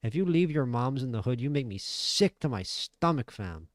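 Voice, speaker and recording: A man's voice: medium pitch, big pitch swings, normal speed, no room sound, clean studio sound, pitched above the performer's own voice, lightly acted. A man putting on the voice of a brash young fighter who taunts an opponent with street slang. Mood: taunting. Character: trash-talking young male fighter.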